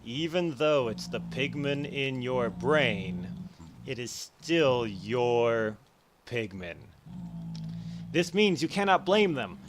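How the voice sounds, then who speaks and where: A man explaining psychology in a casual, animated way over gameplay, acting out his own thoughts in quick bursts. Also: medium pitch, background noise. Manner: animated, acts out his own inner voices. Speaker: educational YouTuber.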